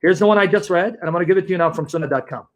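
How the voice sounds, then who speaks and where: A man's voice: high-pitched, rapid-fire. A man arguing in a heated online debate, combative and mocking, often talking over his opponent.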